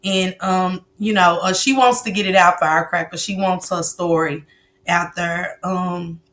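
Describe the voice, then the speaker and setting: A woman hosting a live-stream interview, speaking gently and encouragingly to her guest. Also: lowish voice, steady tone, measured pace. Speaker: host.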